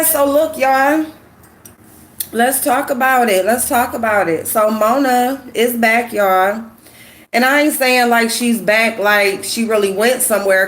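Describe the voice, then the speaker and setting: A woman with a sick, hoarse voice chatting casually with viewers while doing her makeup, greeting them by name and gossiping. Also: a little high. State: sick, hoarse voice with a runny nose. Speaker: YouTube commentary host.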